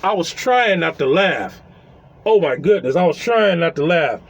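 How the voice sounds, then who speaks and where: A man's voice: on the high side, animated, normal speed, gravelly, no room sound, highs cut off. A man, a landlord, telling a funny story about his tenants in a casual style. He laughs often and keeps acting out what people said. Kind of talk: comedic storytelling.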